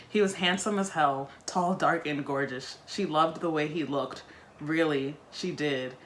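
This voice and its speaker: A woman with a deep voice reads a book aloud on her video channel at a measured pace, pausing between passages for chatty, wry asides. There's slight background noise.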